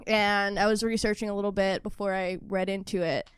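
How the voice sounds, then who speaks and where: A woman's voice: mid-range voice, brisk, smooth, dry recording. A young woman co-hosting a podcast, chatting casually and laughing a lot, with a bit of swearing. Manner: laughs often, swearing, animated. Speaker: podcast co-host. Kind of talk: casual chat.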